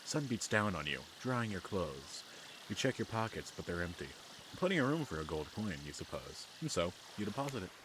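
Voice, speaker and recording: A man's voice: on the low side, sing-song, fairly quick, background noise. A man reading a dating game's text aloud and adding wry, self-deprecating comments. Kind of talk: let's play reading and commentary. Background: game music.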